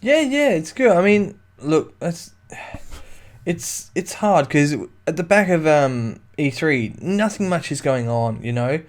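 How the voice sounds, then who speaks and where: A man's voice: a little high, takes it slowly. Easygoing man co-hosting a podcast. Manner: easygoing, laughs easily, loose phrasing. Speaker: podcast co-host. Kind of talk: casual gaming podcast chat.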